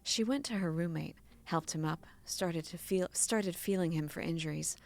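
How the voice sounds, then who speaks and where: A woman's voice: fairly low pitch, moderate pace, a little mellow. A woman streamer reading a romance novel aloud to her co-host in an amused way, breaking into laughter now and then.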